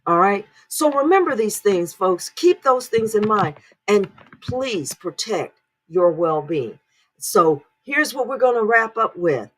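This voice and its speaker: Speaking a little slowly in a sing-song, mid-range voice, with slight background noise, a woman hosts a commentary channel. She addresses viewers casually to camera, tossing out rhetorical questions and checking in with "right?" again and again.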